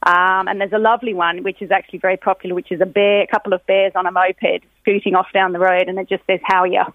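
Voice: medium pitch, level tone, fast, dry recording. This is a middle-aged speaker, chatting cheerfully as an interview guest. The voice sits in an ordinary middle range. It comes over a tinny phone line, dry and narrow. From Australia. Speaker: guest, graphic designer.

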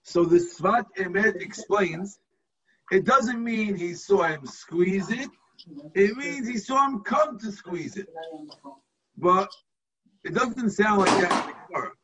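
A man's voice: sits high, animated, slow pace, far from the mic, muffled recording, a crowd in the background. A man, a rabbi, teaching a text to his students over a video call, explaining step by step and checking in with the class.

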